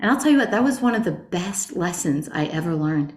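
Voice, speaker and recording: A middle-aged woman teaching a Bible study class in an earnest, animated way, asking her group rhetorical questions. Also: fairly low pitch, a little fast. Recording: roomy echo.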